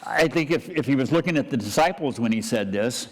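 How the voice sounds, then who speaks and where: A man's voice: mid-range voice, lively intonation, fairly quick. A man, a pastor, preaching a conversational sermon with frequent restarts and asides. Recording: church hall reverb.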